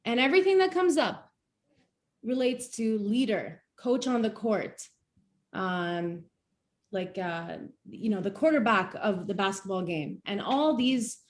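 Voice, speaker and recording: A woman's voice: mid-range voice, a little slow. Young Palestinian woman telling stories. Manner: animated storytelling, laughs often. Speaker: guest speaker. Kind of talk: casual chat.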